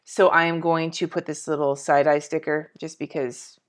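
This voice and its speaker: Decorating a planner live, this planner vlogger in her forties chats in a scattered way to herself and her audience, with casual swearing. She has a deep voice, a level tone, and a moderate pace.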